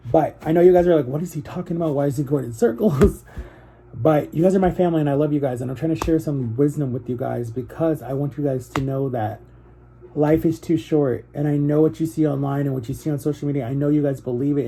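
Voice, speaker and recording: A man's voice: on the high side, fairly even intonation, quick pace, vocal fry, dark tone, slight background noise. A young man vlogging to his viewers, telling a personal story in an emotional, rambling way that circles back on itself.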